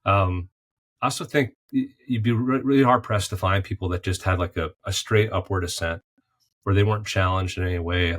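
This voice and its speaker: A man's voice: sits low, a bit bright. A man, a podcast guest who left a golf career for art, talking through life in golf and faith analogies in a reflective, conversational way. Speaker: podcast guest, former golf pro turned artist.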